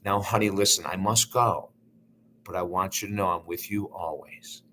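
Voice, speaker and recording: Man doing a tender motherly voice, hushed and low, bright tone. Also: steady tone, moderate pace, slight background noise. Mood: gentle, reassuring. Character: gentle late mother, soft and loving.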